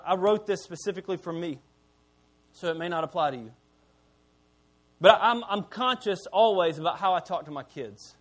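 A middle-aged pastor with a notably high voice delivers a sermon in a relaxed, conversational way. He is candid and self-deprecating, and he often sinks low and quiet to land a point. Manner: conversational preaching, dropping low and quiet for emphasis.

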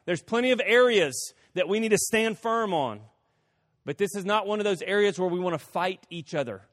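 A male pastor preaching a sermon, telling stories with quick folksy asides. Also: high voice, expressive, fairly bright tone. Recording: long reverb of a hall.

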